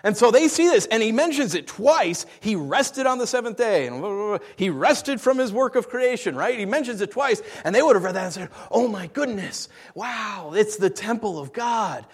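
Guy preaching a sermon, pretty high voice, gets loud then drops to a whisper. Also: a little fast, hardly any pauses. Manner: animated, swings from loud to hushed whispers; acts out listeners' voices in asides. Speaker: pastor.

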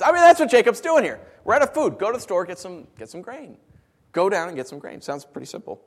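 A man preaching, reading a Bible passage and explaining it in an animated, conversational way with homey asides. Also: sits high, fast talker. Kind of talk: Bible teaching with scripture reading.

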